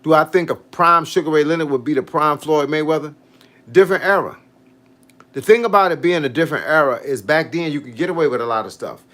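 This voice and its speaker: A man's voice: fairly high pitch, fast. A man, chatting casually on a livestream as a fitness coach, telling stories and reacting to viewer comments. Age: 50s. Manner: animated, storytelling, reading out viewer comments.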